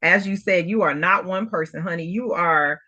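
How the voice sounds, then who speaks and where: A woman's voice: fairly low pitch, moderate pace, lo-fi sound. A woman hosting an interview, gushing and encouraging toward her guest with endearments. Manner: effusive and encouraging, warm endearments. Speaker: interview host. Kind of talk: casual interview chat.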